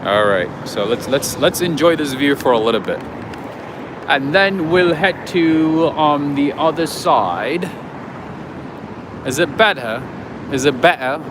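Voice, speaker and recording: A man's voice: a little high, animated, slow pace, long pauses. A man hosting a casual livestream outdoors on a city street, chatting with viewers and greeting them by name. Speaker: livestream host. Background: street traffic.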